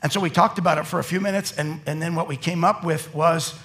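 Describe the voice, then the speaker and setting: A man's voice: on the high side, fast. A middle-aged man preaching a sermon to a live congregation in a church, telling jokes and acting out little scenes as he goes. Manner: lively, joking storyteller who acts out quotes. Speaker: pastor.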